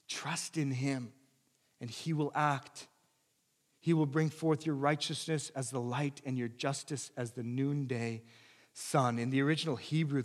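A male pastor delivering a sermon, swinging between loud emphatic preaching and quiet earnest asides, in a church sanctuary. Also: mid-range voice. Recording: long church hall reverb.

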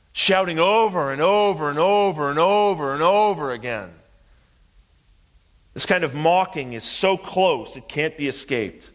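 A man preaching a sermon, impassioned and repeating phrases for emphasis, rising from quiet to loud. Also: a little high. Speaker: pastor.

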